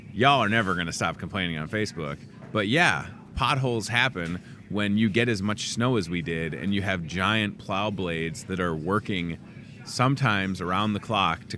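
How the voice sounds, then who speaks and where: Male in-store show host, low-pitched, casual, jokey asides, faint store noise behind. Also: moderate pace. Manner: chatty, joking asides, lively swings in pitch. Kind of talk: casual promo chat. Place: grocery store.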